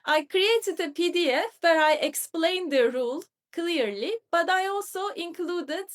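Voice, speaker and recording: Slow, lively-voiced woman teaching. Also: very high-pitched. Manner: clear, careful, spells out sounds and examples. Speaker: Turkish teacher. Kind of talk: scripted grammar lesson.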